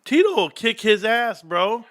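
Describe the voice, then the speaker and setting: A man's voice: high voice, sing-song, unhurried, fairly bright tone. A middle-aged man hosting a casual livestream, rambling through slangy stories and laughing often. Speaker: livestream host.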